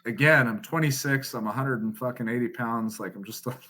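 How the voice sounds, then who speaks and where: Bright-voiced man telling a profane story. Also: mid-range voice, fairly quick. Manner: profane, laughing, animated storyteller. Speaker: podcast guest. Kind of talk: casual storytelling.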